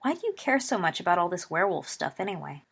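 A woman voicing a loyal, joking teenage schoolboy with a lively, teasing way of talking and a husky voice. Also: fairly low pitch, fast, full character voice. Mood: playful.

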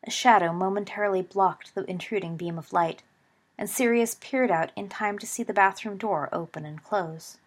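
A woman reading fan fiction aloud as an audiobook, in a steady storytelling manner. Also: mid-range voice, normal speed. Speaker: audiobook reader.

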